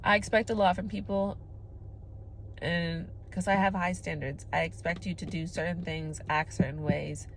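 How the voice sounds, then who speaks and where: A vlogger in her twenties delivers an emphatic, candid girl-talk monologue to camera, peppered with swearing and "like" fillers. Her voice is fairly low and steady, her pace moderate, with slight background noise.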